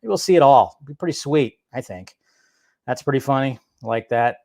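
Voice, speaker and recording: A man's voice: mid-range voice, expressive, brisk, vocal fry, a little mellow. A man giving casual film commentary as a vlogger, rambling and chatty, full of asides.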